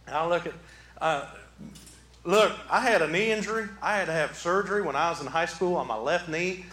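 A man preaching a sermon from the pulpit, animated, swinging from quiet talk to shouting. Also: on the high side. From southeastern Michigan. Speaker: pastor. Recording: echoey hall.

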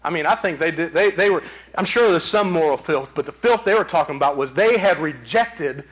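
A man's voice: fairly high pitch, animated, brisk, fairly bright tone. A man preaching a sermon as pastor, emphatic, with repeated phrases. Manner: emphatic, repetitive preaching cadence.

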